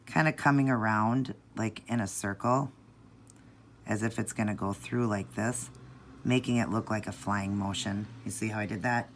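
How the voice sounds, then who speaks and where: A woman calmly talking viewers through a nail art tutorial step by step, in a patient, instructive way. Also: moderate pace, a little hiss or hum. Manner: patient, instructive, low-key.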